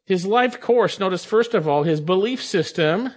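A man's voice: high voice, lively intonation, moderate pace. A man preaching a sermon, reading scripture and stressing points through repetition. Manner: emphatic, repeats phrases for stress.

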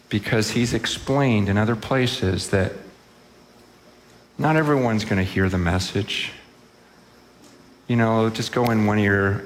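A man's voice: lowish voice, big-room sound, slight background noise. A man preaching a sermon with passion, often voicing the people and words he quotes. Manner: impassioned, voices quoted speakers. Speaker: pastor.

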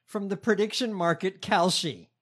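A man's voice: high-pitched, normal speed, fairly bright tone. A man co-hosting a casual comedic podcast, reading news stories from notes with frequent fillers and restarts.

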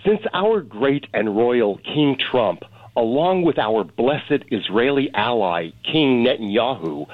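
A man's voice: medium pitch, animated, slow pace, no echo. A man calling in to a radio talk show, speaking in a fervent, ranting way. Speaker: caller. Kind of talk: phone-in call. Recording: tinny phone line.

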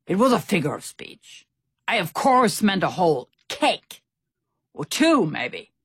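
A woman's voice: on the low side, very animated, a little slow, slightly rough, exaggerated voice. A woman voicing a stout, good-natured old seafaring man in a storybook reading. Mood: hearty. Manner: bluff, hearty exclamations.

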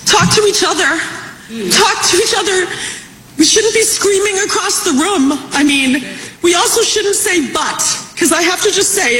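A woman testifies as a grieving mother, earnest and pleading. Her voice is bright and tense. The clip has a roomy echo from the hearing room. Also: very high-pitched, a little hiss or hum.

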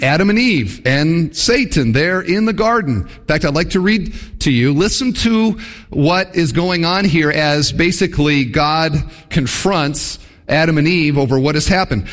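A man's voice: a little high, expressive, normal speed, fairly bright tone. A man preaching an expository sermon in a church hall, earnest and full of rhetorical questions. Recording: long hall reverb.

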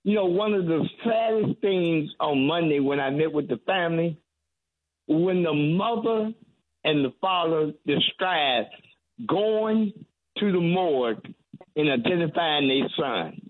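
A reverend speaking as a guest on call-in radio, earnest and halting, often restarting his sentences. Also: fairly high pitch, animated. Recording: tinny phone line.

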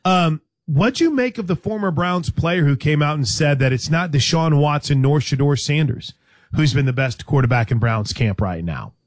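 Chatty man with a slightly high voice. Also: moderate pace, dry recording, studio quality. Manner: chatty, teasing, many restarts. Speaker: sports radio host. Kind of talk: casual sports talk.

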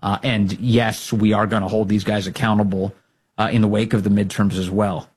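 A man hosting a political talk program, giving emphatic, rallying commentary that swings up in pitch when he gets fired up. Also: flat delivery, normal speed, darkish tone, slightly rough. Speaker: political talk show host. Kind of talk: opinionated commentary.

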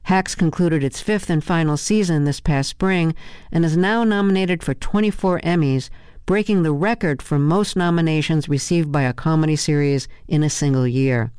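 A woman radio host reading a measured, scripted introduction. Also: low voice, darkish tone, clear, resonant tone, dry recording, studio quality. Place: studio.

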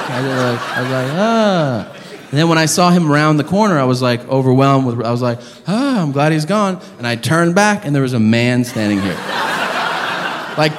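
Animated, profane stand-up comedian man. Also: sits high, in a large hall, slight background noise.

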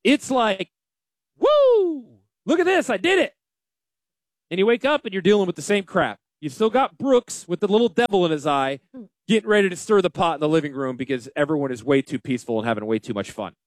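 A man hosting a casual financial radio show, talking in an animated, joking and self-deprecating way. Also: on the high side, fast talker, no echo, clean studio sound. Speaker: financial advisor and radio host.

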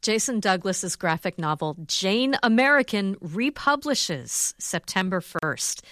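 A woman hosting a public radio show, wrapping up an interview and reading out announcements in a measured, composed way. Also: medium pitch, very animated, fairly bright tone, no echo, clean studio sound.

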